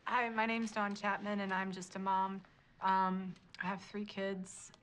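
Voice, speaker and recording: A woman, a mother turned local activist, speaking to a group while crying, soft and halting. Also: medium pitch, little pitch movement, slight background noise. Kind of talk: personal testimony to a group.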